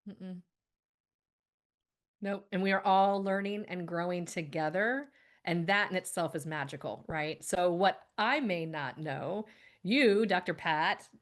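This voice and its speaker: A woman's voice: on the low side, a little slow. Upbeat woman with frequent laughs. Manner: upbeat, laughs often, animated on exclamations. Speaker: guest, holistic practitioner. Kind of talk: casual podcast conversation.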